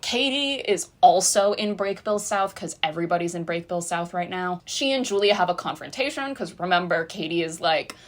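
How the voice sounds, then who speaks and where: Young woman doing a snarky tv recap, kinda low voice, says like a lot. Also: animated, a little fast, few pauses. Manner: chatty and sarcastic, heavy use of "like" and "girl". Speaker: recap video host. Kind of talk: casual, irreverent TV recap.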